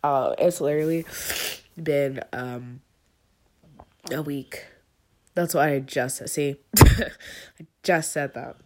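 A woman's voice: slow pace, long pauses, a little mellow. A young woman with a stuffy nose, rambling candidly and swearing through a personal voice update after a long, emotional day. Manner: rambling, candid, swearing, swings between low mumbling and high tearful outbursts.

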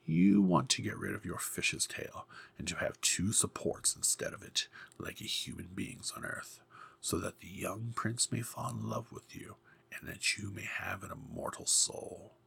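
A man voicing a scheming old female sea witch in a hoarse, menacing whisper. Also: low voice, animated, a little slow, fairly bright tone, heavily acted. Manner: sly, menacing.

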